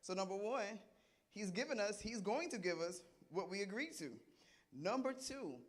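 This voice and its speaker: Animated man teaching with a high voice. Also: moderate pace. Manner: conversational, asks the audience questions and repeats their answers; animated and playful, laughs often. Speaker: Bible study teacher. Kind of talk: interactive sermon.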